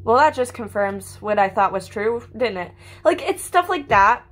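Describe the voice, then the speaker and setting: A woman's voice: medium pitch, big pitch swings, normal speed, fairly bright tone. A young woman vlogging in a casual, rambling monologue, swearing often and packing her talk with fillers. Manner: profane, ranting, filler-heavy.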